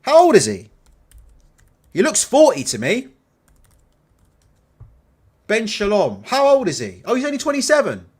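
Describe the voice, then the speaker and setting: Animated, profane male host. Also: sits high, measured pace, long pauses, slightly rough. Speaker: boxing channel host. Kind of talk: casual livestream commentary.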